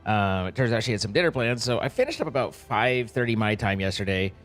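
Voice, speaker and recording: A man's voice: fairly low pitch, fairly quick, faint music behind. A young man live-streaming a game, chatting loosely and greeting viewers by name in a rambling, playful way. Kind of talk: casual live-stream chat.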